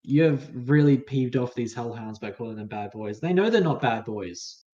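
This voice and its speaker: A man's voice: mid-range voice, expressive, moderate pace, hardly any pauses, dark tone, lo-fi sound. A man running a tabletop game as game master, narrating casually and hesitantly with many fillers.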